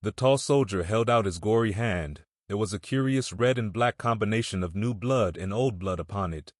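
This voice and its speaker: A male narrator reads a classic novel aloud in a measured, steady manner. His voice sits low, and the sound is dry and close, with no room around it. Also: no room sound. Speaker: audiobook narrator. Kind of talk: audiobook reading of a classic novel.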